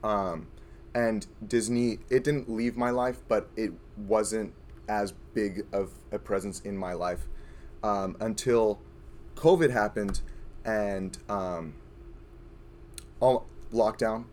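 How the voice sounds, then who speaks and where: A hoarse young man telling an earnest, rambling personal story to a group. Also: on the low side, steady tone, slow pace, a little mellow, slight background noise. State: hoarse, voice worn from screaming. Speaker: audience member sharing a story.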